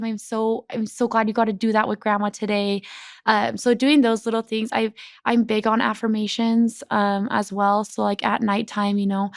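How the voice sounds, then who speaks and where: A young woman guest talks in a loose, chatty way, full of "like," and lifts her voice whenever she quotes her kids. Her voice has a gravelly, fried edge. The sound is close and dry, with no room around it. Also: medium pitch, normal speed, no echo. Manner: chatty, peppered with "like"; animated when quoting her kids. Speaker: podcast guest. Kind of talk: casual chat.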